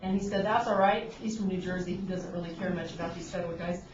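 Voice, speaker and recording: A woman on an agriculture board speaks at a public meeting, earnest and pointed, restarting her sentences often. The room mic sits far from her, so her voice comes through roomy and dull, with steady background noise. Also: on the low side, quick pace. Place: conference room at a government meeting.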